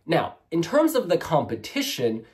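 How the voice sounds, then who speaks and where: A man hosting a music reaction, chatting casually and gushing, with sudden squeals that trail off into slower musing. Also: a little high, wildly swooping pitch, darkish tone. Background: faint music.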